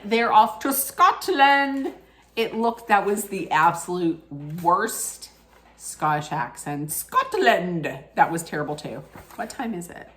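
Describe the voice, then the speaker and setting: Chatty opinionated woman with a low voice. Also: a bit bright. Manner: chatty, opinionated, many fillers and restarts. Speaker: reality TV recap vlogger. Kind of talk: casual recap and rant.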